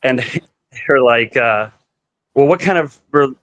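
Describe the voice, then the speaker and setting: A man's voice: medium pitch, expressive, slow, a bit bright, no room sound, low-quality recording. Rambling man telling a story, dry sound. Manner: rambling, heavy on "like" fillers, acts out quoted dialogue. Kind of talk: casual storytelling conversation.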